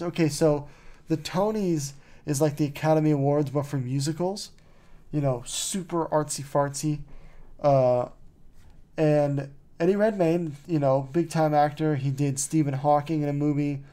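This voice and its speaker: A man hosting a podcast in an easygoing, rambling chat, his voice mellow and dark-toned. He drifts between thoughts with plenty of "like" and "you know" and tosses in dry, mocking asides. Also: a little high. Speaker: podcast host. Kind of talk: casual chat.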